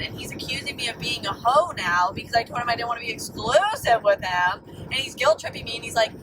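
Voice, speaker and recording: A young woman calling in by voice memo, telling a story in an exasperated, animated way with plenty of swearing. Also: fairly high pitch, brisk, hardly any pauses. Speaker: caller. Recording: distant voice memo with background noise.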